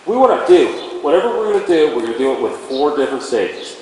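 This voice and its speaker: A man's voice: a little high, big pitch swings, fast, darkish tone. A man training a horse in an indoor arena, explaining each step and speaking to the horse as he works. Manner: talks to the horse while explaining. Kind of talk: instructional demonstration. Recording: very echoey arena with faint ambient noise.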